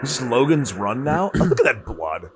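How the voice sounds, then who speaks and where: A man hosting a podcast, chatting casually while watching a movie, excitable and prone to stammering restarts. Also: medium pitch, moderate pace, breathy edge. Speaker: podcast host.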